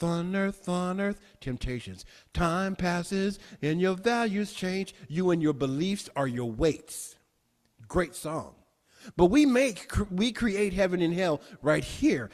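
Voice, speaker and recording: Man preaching in a reverberant hall. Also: on the high side. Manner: repetitive, emphatic preaching with rising exclamations. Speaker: minister. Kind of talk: sermon. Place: church sanctuary.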